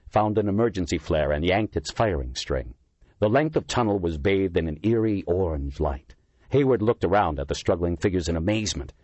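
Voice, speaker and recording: A man's voice: low voice, a little mellow, breathy edge, no echo. A man reading an audiobook as its narrator, telling the story dramatically.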